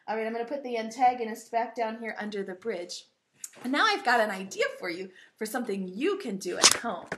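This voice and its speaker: A woman's voice: fairly high pitch, a bit bright. A woman teaching an online preschool lesson in a sing-song, encouraging way, stretching out key words for young children.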